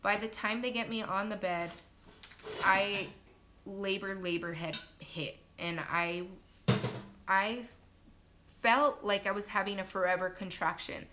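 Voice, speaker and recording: Talking a little slowly and pausing often, a young new mother casually recounts her birth on a livestream, speaking right to her audience in a chatty way. The phone-recorded stream has low-quality audio and slight background noise.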